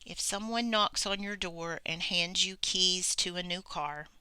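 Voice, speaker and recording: A woman teaching a grammar lesson, explaining slowly and deliberately and acting out example sentences. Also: lowish voice, bright, forceful tone, clear, resonant tone, no room sound.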